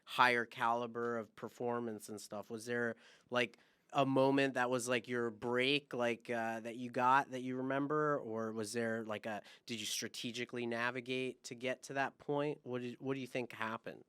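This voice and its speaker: A man's voice: medium pitch, fairly even intonation, moderate pace, fairly bright tone, clean tone, no room sound. A man hosting a podcast, asking the guest long, searching questions in a casual way. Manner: rambling, searching questions with fillers. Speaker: podcast host. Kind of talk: casual interview.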